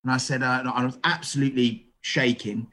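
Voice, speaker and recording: A middle-aged man, a chef, telling stories in a casual interview, animated and full of restarts. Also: medium pitch, fairly quick. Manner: animated, acts out quoted dialogue, frequent restarts. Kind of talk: casual storytelling.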